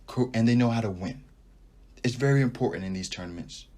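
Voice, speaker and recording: A man's voice: mid-range voice, brisk, a little mellow. A young man hosting a casual sports podcast, giving opinionated takes and thinking aloud as he goes. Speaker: podcast host.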